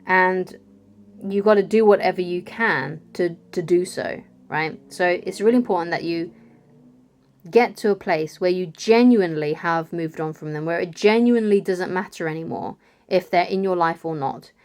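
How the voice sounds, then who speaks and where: A woman's voice: on the low side, moderate pace, a little mellow. A woman giving casual relationship advice to camera, chatty, often asking "right?" and laughing lightly. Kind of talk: casual advice video talk.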